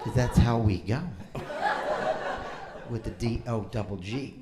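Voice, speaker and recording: A man's voice: lowish voice, measured pace, very noisy. A man from New England doing a stand-up comedy set on a club stage, riffing with the audience. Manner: animated, jokey, riffing with the crowd.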